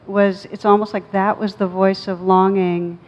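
A woman speaking as a meditation teacher in a thoughtful, measured way, slowing down on key words as she tells a story. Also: medium pitch, flat delivery, a little mellow. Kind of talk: reflective storytelling talk. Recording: dull audio with long reverb.

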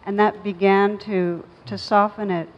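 A woman speaking as a meditation teacher in a thoughtful, measured way, slowing down on key words as she tells a story. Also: mid-range voice, level tone. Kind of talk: reflective storytelling talk. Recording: dull audio with long reverb.

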